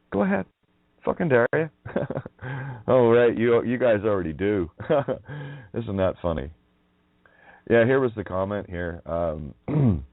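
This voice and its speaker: A man's voice: mid-range voice, no room sound. A man hosting a radio show, ranting in a profane, mocking monologue and laughing often. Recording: dry, tinny phone-like line.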